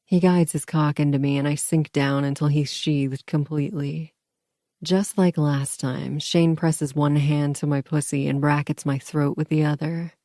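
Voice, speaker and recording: A woman's voice: sits low, level tone, unhurried, dark tone, no echo, studio quality. A woman narrating a first-person audiobook in an intimate, murmuring manner.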